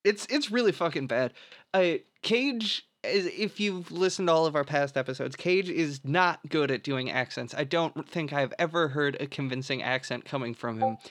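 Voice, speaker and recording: A man's voice: a little high, lively intonation, normal speed, a bit bright, no room sound. Dry-voiced rambling podcast man. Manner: rambling, filler-heavy, swears freely. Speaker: podcast co-host recapping the film plot. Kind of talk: casual podcast chat.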